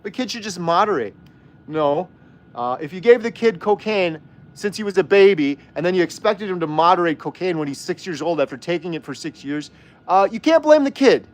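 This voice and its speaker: A man's voice sits high, with lively intonation and a slightly fast delivery. As a livestream host, he reads comments from viewers and argues hotly, peppering his rant with rhetorical questions.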